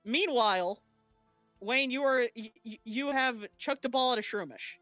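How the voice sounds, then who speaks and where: A woman's voice: a little high, a bit bright, no echo, faint music behind. Woman game master narrating, dry close mic. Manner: halting narration, frequent restarts and laughs.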